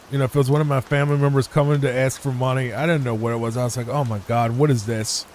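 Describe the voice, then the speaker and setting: A man hosting a gaming channel, telling a rambling personal story in a relaxed, conversational way over gameplay. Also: medium pitch. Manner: rambling, conversational, frequent restarts. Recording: faint rain noise behind.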